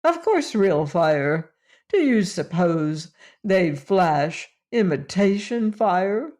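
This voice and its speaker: A woman's voice: medium pitch, animated, slow, darkish tone. A woman voicing a boastful but harmless male beast in an audiobook, proud and easily offended. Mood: earnest. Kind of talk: audiobook character voice.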